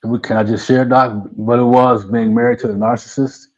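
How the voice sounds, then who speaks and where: An enthusiastic man hosts a live talk show and hypes up his viewers. His tone is warm and mellow, and he keeps tossing quick "right?" tags at the audience. The sound comes through a dull, lo-fi stream. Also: mid-range voice. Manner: energetic, repeats "right?" to the audience. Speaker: host.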